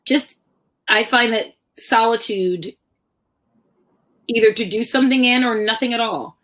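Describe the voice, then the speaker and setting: A middle-aged woman author telling personal stories in a lively conversational talk, acting out the voices of people she quotes. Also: on the high side, unhurried. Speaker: author guest.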